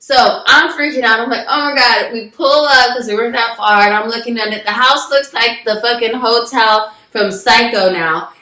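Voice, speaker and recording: Bright animated woman telling a story. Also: on the high side, normal speed, few pauses, slight background noise. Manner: animated retelling with acted-out quotes, swearing. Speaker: podcast co-host. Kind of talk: casual storytelling. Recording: echoey room.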